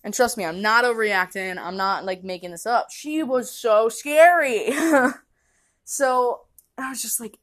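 A young woman from the United States hosts a casual podcast from her kitchen, telling a story in a fairly high voice. She keeps it animated, breaks into laughter often and acts out the lines people said. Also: unhurried. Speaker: podcast host. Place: home kitchen.

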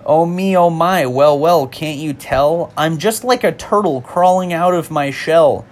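A man's voice: on the high side, unhurried, lightly acted. Man doing a mock Jamaican lover crooner. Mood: flirty. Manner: sing-song reciting of song lyrics. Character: smooth-talking male Caribbean lover crooner.

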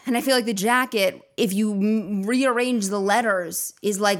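A woman's voice: on the high side, normal speed, few pauses. A woman hosting a comedy podcast, rambling through a profane casual monologue with lots of fillers and acted-out quotes.

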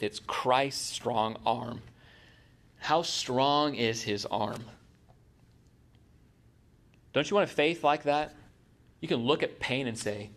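Middle-aged male pastor, conversational sermon delivery, rhetorical questions to the congregation. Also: medium pitch.

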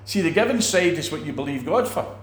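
A man teaching about faith in a relaxed talk, animated, acting out quoted people and restarting his sentences often. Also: on the high side, fairly quick, echoey room. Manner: animated, acts out quoted preachers, many restarts. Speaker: preacher.

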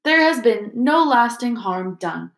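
A woman reading aloud plays a kindly old wizard headmaster with a soft, calm, gently amused way of speaking. He sounds patient and warm-hearted. The storybook recording rings with a roomy echo. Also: on the high side, measured pace, pitched above the performer's own voice. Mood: firm kindly. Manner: gentle, calm, softly twinkling.

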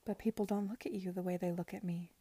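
A woman's voice: lowish voice, fairly even intonation, quick pace, dark tone, breathy edge, dry recording. A woman reading the part of a sulky, spoilt young heiress in an audiobook, speaking bluntly and bitterly.

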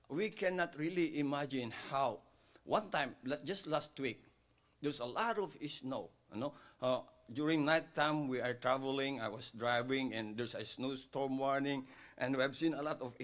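A man with a Filipino accent delivers a sermon in a voice of ordinary middle pitch. He shifts between English and Tagalog, swells to loud emphasis on key lines and sinks to a hush when moved. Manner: rising loud on key phrases, dropping quiet when moved. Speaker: pastor.

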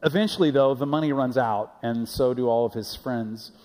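A man preaches in a loose, conversational way and often repeats his words as he goes. His pitch sits in the middle range. His voice carries the long reverb of a church sanctuary. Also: normal speed, darkish tone. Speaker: pastor. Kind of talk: sermon.

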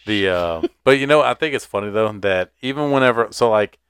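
A man's voice: on the low side, lively intonation, brisk, a bit bright, clear, resonant tone, no echo. A man, co-hosting a casual podcast and telling stories in a laid-back, profane way with frequent laughs. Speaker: podcast co-host. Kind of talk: casual chat.

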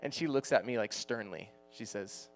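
A man's voice: medium pitch, fairly quick, a little hiss or hum. Joking, casual man preaching a sermon. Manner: casual, joking, laughs often. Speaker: youth pastor.

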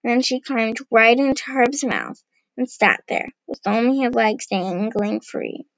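A woman reading a storybook aloud, unhurried, giving the characters light voices. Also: fairly high pitch, no echo, rough recording.

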